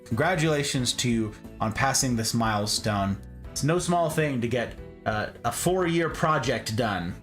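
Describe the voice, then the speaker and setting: A man's voice: medium pitch, expressive, unhurried, fairly bright tone, faint music behind. Playful theatrical man streaming live. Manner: playful and theatrical, with sing-song exclamations; greets chat viewers by name. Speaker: livestream host. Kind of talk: casual livestream chat with viewers.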